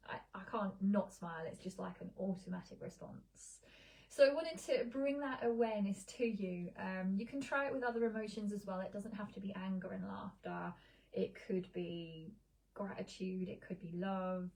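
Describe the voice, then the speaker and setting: Middle-aged woman meditation teacher, calm and gentle pacing, mellow low-key tone with some vocal fry. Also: rough recording. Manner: soft, slow, soothing guidance with gentle pauses. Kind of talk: guided meditation and casual live-stream talk. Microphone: streaming live on a social video stream.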